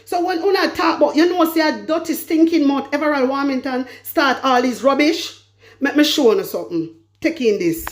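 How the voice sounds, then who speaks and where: Fiery high-voiced Jamaican woman commentator. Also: animated, moderate pace. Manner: fiery, repetitive, heavy patois. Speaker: political commentator. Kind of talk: political commentary vlog.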